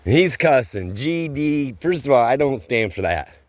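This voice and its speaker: A man's voice: mid-range voice, expressive, no room sound. A man telling a casual, rambling story from his roofing work, with plain everyday slang. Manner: slow, rambling delivery with plain spoken slang.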